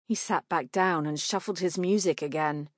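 A woman narrating an audiobook in a measured, clear way. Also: fairly low pitch, no room sound, studio quality.

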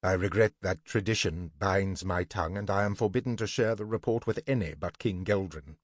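A man's voice: low voice, a little fast, dry recording, studio quality. A man voicing a dutiful male dwarf servant in a storybook reading, formal and deferential in his speech.

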